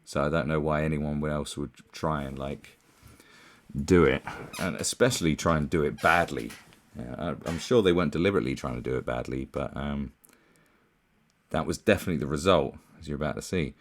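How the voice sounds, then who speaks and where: Deep-voiced scornful man rambling. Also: brisk. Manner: rambling, scornful, many fillers and restarts. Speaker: commentary YouTuber. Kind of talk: casual commentary.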